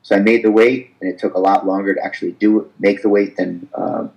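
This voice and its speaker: A man in his thirties with a very low voice tells his story in a relaxed interview. He talks about his fighting career in an animated way and acts out the conversations he recounts. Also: fast, vocal fry, rough recording. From United States. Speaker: professional fighter.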